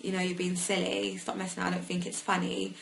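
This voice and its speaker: A woman's voice: fairly low pitch, monotone, quick pace, gravelly, a little hiss or hum, rough recording. Hesitant young woman recounting. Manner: hesitant, with many fillers. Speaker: survivor sharing her story. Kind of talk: personal testimony.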